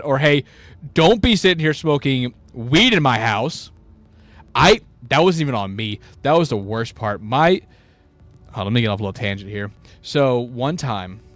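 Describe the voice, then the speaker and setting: A young man in the middle of his voice range, rambling through a story. He stops and restarts often and jumps into the voices of the people he quotes. A little music plays quietly underneath. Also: mid-range voice. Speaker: podcast co-host. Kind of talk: casual storytelling chat.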